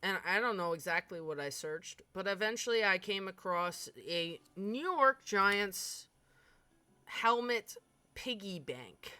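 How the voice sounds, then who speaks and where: A woman's voice: mid-range voice, expressive, slow, pushed and bright, no echo. A woman in her twenties telling a personal story in a candid, darkly funny way, swearing freely. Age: 20s. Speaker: streamer. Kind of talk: casual storytelling.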